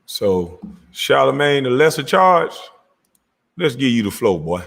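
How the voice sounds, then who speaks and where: Husky-voiced man ranting with swings in pitch. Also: big pitch swings, measured pace. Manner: mocking, cursing, laughing loudly. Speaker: commentary channel host. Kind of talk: profane reaction rant.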